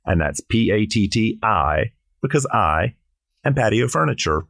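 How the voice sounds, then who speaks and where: A man's voice: lowish voice, expressive, a little slow, vocal fry, fairly bright tone, no echo, clean studio sound. A middle-aged man from South Carolina, a drag performer chatting on a podcast in a playful, theatrical, jokey way. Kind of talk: casual podcast chat.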